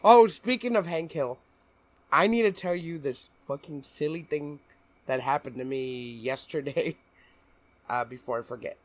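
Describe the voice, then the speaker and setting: A man's voice: on the high side, unhurried. Giggly man telling a story. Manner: laughs often while telling a story. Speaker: podcast co-host. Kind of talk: casual chat.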